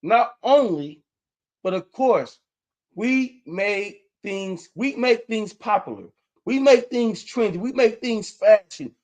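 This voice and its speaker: High-voiced man rambling on a livestream. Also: animated, slow pace, a little mellow. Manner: loose, rambling street talk with lots of "man" and "y'all". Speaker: livestream host. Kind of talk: casual livestream talk.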